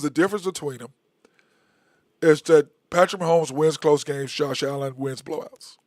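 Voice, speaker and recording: A man's voice: fairly high pitch, no echo, clean studio sound. A man hosting a solo live-stream sports talk show, casual and rambling, often repeating himself. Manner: casual, conversational. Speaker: host.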